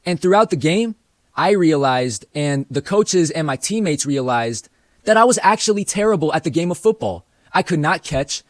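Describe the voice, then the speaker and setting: A man's voice: on the high side, expressive, moderate pace, no room sound. A young man narrating a casual, self-mocking storytime with plenty of swearing. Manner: laid-back, self-mocking, profane.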